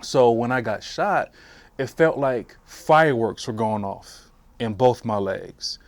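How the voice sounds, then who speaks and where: A man in his forties, a veteran, telling his story for an oral history interview in a halting way with frequent restarts. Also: medium pitch, dry recording. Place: interview room.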